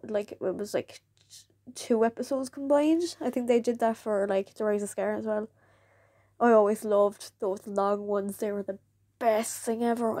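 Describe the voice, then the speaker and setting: A woman's voice: mid-range voice, dry recording, clean studio sound. A young woman chatting casually in a vlog, rambling with many "like"s. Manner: rambling, filled with "like", jumps into excited quoted voices. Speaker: vlogger. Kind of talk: casual chat to camera.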